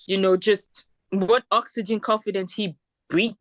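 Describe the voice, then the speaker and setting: A woman from Nigeria, co-hosting a podcast and telling stories in an animated, casual way. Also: medium pitch, a little slow, dry recording. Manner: animated storytelling. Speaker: podcast co-host. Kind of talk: casual chat.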